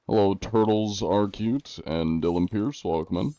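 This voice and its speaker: A man's voice: lowish voice, unhurried, mellow, no room sound, muffled recording. A man streaming live, chatting casually with his viewers and answering them with dry jokes. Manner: dry, joking, answers chat. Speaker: game streamer.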